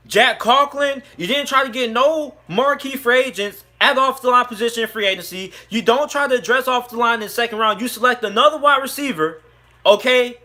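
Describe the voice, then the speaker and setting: Angry high-voiced man ranting about sports. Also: sharp tone. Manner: angry, heated, repetitive ranting. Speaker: sports YouTuber.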